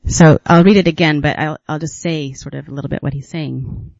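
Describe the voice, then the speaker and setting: Man, retreat teacher, reflective talk, fairly high voice, dry close sound, slightly dull lo-fi recording. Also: fairly even intonation, creaky, dry recording. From United States. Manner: unhurried and musing, with gentle laughs and pauses.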